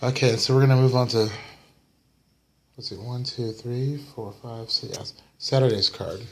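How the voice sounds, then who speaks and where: A tired young American man gives a casual weekly tarot reading, recorded on a camera mic. His mid-range voice has fairly even intonation and a normal speed, and he rambles, uses fillers, yawns, and apologizes for the yawns.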